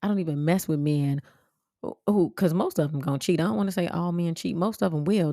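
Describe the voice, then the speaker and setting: Blunt low-voiced woman with gravelly fry. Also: a little fast, dry recording, studio quality. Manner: blunt, animated, swearing, jumps into high exclamations. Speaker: podcast host. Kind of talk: casual storytelling monologue.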